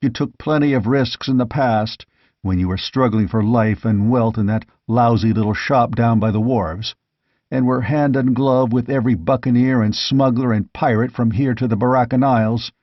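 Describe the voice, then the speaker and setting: A man voicing a bold barbarian warrior king who speaks bluntly and gruffly, with grim amusement, in an audiobook reading. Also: medium pitch, moderate pace, no echo, natural voice. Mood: blunt, mocking. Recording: dull, dry lo-fi audiobook recording.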